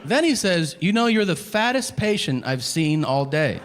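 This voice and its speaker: A man in his thirties doing a stand-up comedy routine, telling stories and acting out both sides of each conversation in an animated way. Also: on the high side, moderate pace. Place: comedy club stage. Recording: live club set with hall reverb and audience noise. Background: audience laughter.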